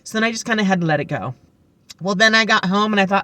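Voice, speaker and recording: A woman's voice: mid-range voice, fast, bright, forceful tone, dry recording. Chatty woman telling rambling stories. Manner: rambling, chatty storytelling with many fillers; upbeat and heartfelt. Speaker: vlogger. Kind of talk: casual chat to camera.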